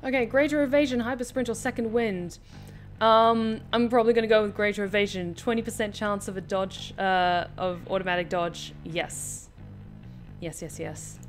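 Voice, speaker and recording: A woman streaming a video game, chattily thinking aloud and reacting excitedly. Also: medium pitch, moderate pace, soft background music. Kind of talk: live game commentary.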